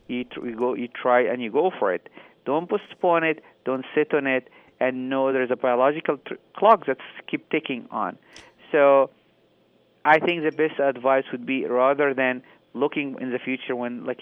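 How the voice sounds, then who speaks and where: A man, a fertility doctor calling in as a guest, explaining things in a halting way with many restarts. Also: mid-range voice, dry recording. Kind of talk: call-in interview answer. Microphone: telephone. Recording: tinny phone line.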